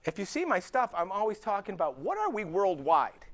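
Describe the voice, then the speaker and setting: Animated middle-aged man telling stories. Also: sits high, fairly quick. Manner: animated storyteller acting out dialogue. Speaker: chiropractor speaking to peers. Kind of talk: conference talk with anecdotes.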